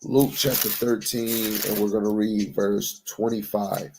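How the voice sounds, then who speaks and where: A preacher with a lowish voice gives a conversational Bible teaching sermon, unhurried and flat in delivery yet emphatic. He mixes in street slang, keeps asking "right?", and reads scripture aloud in old-fashioned wording, with background noise present.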